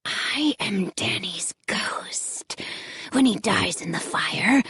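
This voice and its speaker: A woman voicing a cruel, sneering ghost of a boy in a slow, hollow whisper for an audiobook. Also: medium pitch, animated, a bit bright, breathy edge, dry recording, pitched below the performer's own voice, full character voice. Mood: menacing.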